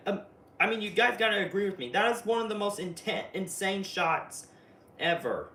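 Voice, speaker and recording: A man giving a chatty, excitable spoiler recap of a TV episode, full of fillers and asides. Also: sits high, brisk, a little hiss or hum. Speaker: video reviewer. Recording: roomy, distant mic, faint ambience.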